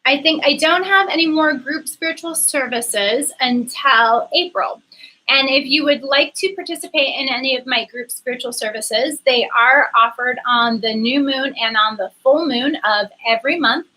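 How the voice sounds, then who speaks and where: Bright-voiced woman hosting a live chat. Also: high-pitched, normal speed, poor audio. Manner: earnest, grateful, with many ums and restarts. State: getting emotional. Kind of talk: casual livestream talk to viewers.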